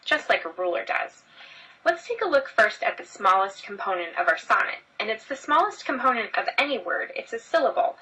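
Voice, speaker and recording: A woman's voice: mid-range voice, pushed and bright, husky, distant mic, poor audio. A woman teacher explaining a lesson step by step, talking straight to her students. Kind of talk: screen-recorded lesson.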